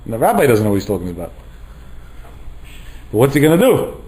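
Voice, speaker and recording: Animated rabbi telling a story. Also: male voice, mid-range voice, quick pace, low-quality recording. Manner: animated storyteller, mixes Hebrew terms into English. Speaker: rabbi lecturer. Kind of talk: Torah lecture storytelling.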